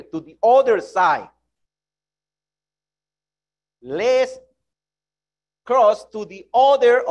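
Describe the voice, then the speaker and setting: Slow earnest preacher with high voice. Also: male voice, dull audio. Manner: earnest, self-correcting, non-native phrasing. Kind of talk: sermon.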